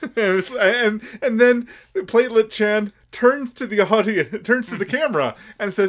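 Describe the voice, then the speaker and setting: A man's voice: sits high, a little slow. A man co-hosting a casual podcast, chiming in and adding details to an anime recap. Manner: chiming in, laughing along. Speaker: podcast co-host.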